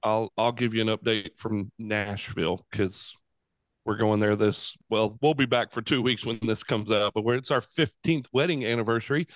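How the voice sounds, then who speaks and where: A man's voice: on the low side, steady tone, moderate pace, dry recording. A man co-hosting a podcast in casual, joking chat, laughing often. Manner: upbeat, laughs often, jokey. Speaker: podcast co-host.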